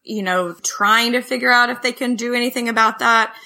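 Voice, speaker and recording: A woman's voice: fairly high pitch, fairly even intonation, fairly quick, pushed and bright. A woman co-hosting a casual board game podcast, talking in an enthusiastic, chatty way. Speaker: podcast co-host. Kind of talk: casual chat about board games.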